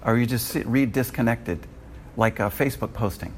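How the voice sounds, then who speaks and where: A man teaching a Bible class, joking with the room and jumping into higher voices when he quotes people. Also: normal speed, a little hiss or hum. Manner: animated and joking, rises high when quoting people.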